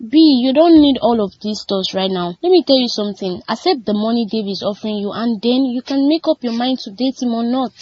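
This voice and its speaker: A woman's voice: a little high, a little fast, hardly any pauses, a little mellow, close to an everyday voice. A woman voicing a smug, rich young friend in a cartoon. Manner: smug, advising. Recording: dull lo-fi sound.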